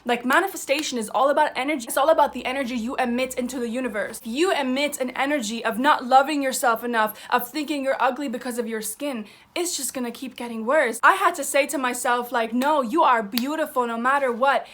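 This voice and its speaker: A woman's voice: sits high, quick pace, hardly any pauses, a bit bright. A young woman talking straight to camera in a chatty, emphatic vlog style, slangy and swearing casually as she gives advice. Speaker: YouTuber.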